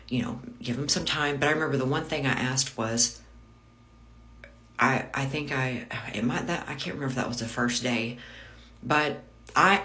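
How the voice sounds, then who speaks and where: A woman's voice: rumbling low, a bit bright. Candid middle-aged woman telling her story. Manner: emotional, candid, with frequent restarts and swearing. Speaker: content creator telling her own story. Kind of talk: personal storytime monologue.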